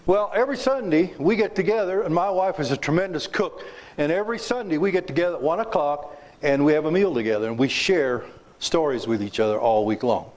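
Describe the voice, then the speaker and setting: Lively high-voiced older man telling stories. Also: a little fast. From south central Kansas, USA. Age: 70s. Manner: folksy and joking, quizzes the audience. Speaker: guest speaker. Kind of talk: storytelling talk to a club audience. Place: club meeting room.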